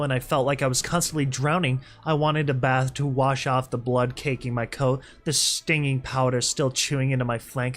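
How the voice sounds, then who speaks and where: A young man reading a story aloud and breaking off for excitable, laughing commentary. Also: mid-range voice. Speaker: reader and commentator.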